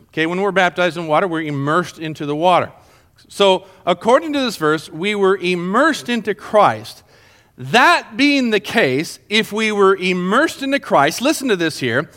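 A man teaching a Bible lesson to a group. He talks in an animated way and keeps checking in with his listeners, asking if they are following. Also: high voice.

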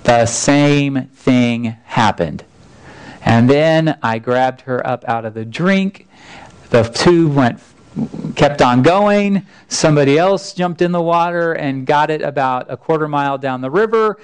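A man's voice: a little high, a little slow, smooth, poor audio. A man, preaching a sermon as a folksy, earnest personal story with frequent restarts. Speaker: pastor.

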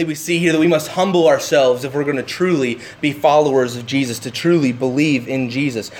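A man's voice: mid-range voice, a little hiss or hum. A man preaching a sermon in a church, talking to the congregation and often asking "right?". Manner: animated, talks to the congregation with frequent "right?". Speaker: pastor. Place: church sanctuary.

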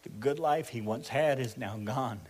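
A man's voice: medium pitch, a little slow, darkish tone, breathy edge, long reverb tail. A middle-aged man with a Southern accent preaching a sermon in a folksy, joking style with repeated phrases. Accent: Southern US (Arkansas). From Arkansas, US. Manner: folksy, jokey, repetitive preaching cadence. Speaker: pastor.

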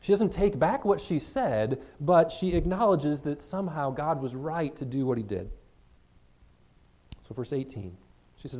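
Mellow-voiced man preaching through scripture. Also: on the high side, animated. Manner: reads scripture slowly, then explains in plain conversational words. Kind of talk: expository sermon.

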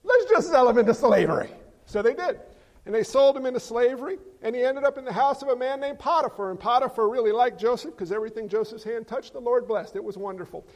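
A man's voice: extremely high pitch, quick pace. A man preaching a sermon as pastor, joking and quizzing his congregation. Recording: long reverb of a large hall.

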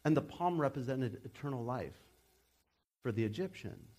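A young adult man preaching a sermon as pastor, in a casual, animated way with frequent restarts. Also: mid-range voice, normal speed.

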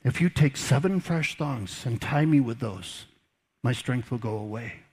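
A man's voice: medium pitch, animated, measured pace, a little mellow, slightly rough, pitched below the performer's own voice. A man voicing a strong, lovesick young man who speaks in an easygoing, offhand way, during a sermon.

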